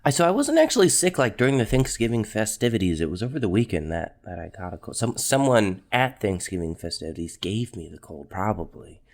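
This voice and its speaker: A man getting over a head cold, his voice hoarse, low, and bassy. He chats in a laid-back, joking way as a podcast co-host. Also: very animated, brisk, hardly any pauses, darkish tone. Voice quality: deep and bassy. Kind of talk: casual podcast chat.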